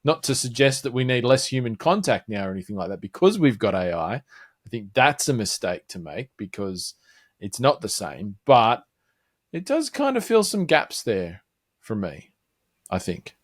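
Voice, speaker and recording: A man's voice: mid-range voice, very animated, moderate pace, dry recording, clean studio sound. A man co-hosting a podcast, thinking aloud in casual, reflective chat. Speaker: podcast co-host.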